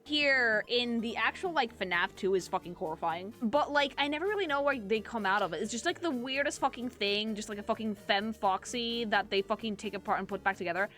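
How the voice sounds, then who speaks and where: Bright, excitable, swearing woman streamer. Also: a little high, fairly quick, hardly any pauses, faint music behind. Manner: excited, profane, gushing commentary to chat. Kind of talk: casual reaction stream chat.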